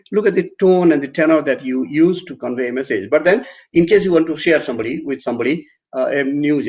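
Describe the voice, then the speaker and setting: A man with an Indian English accent giving an online university lecture, often restarting his phrases and acting out examples. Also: medium pitch. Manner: repetitive restarts, animated acted examples. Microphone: computer mic on a video call. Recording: dull lo-fi online class audio.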